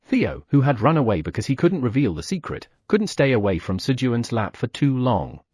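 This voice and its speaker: A man narrating an audiobook, telling the story with lively sound effects. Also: mid-range voice, moderate pace, husky, dry recording, studio quality.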